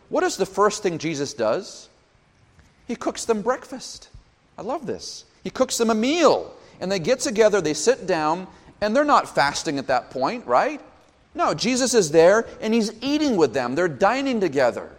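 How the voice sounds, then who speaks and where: A man preaching a sermon as pastor, his voice rising with emphasis and dropping low on solemn points. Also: big pitch swings, moderate pace, long reverb tail. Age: young adult.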